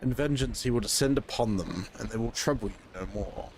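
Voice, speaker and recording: A man voicing a scheming male servant in a measured, plotting way, reading video game dialogue. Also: medium pitch, darkish tone, slight background noise, natural voice. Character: scheming male servant proposing a sly plot.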